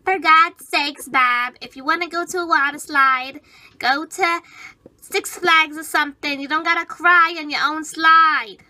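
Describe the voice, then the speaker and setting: A woman's voice: high-pitched, fairly even intonation, unhurried, pushed and bright, full character voice. A woman voicing an exasperated wife who scolds her husband in a toy figure skit.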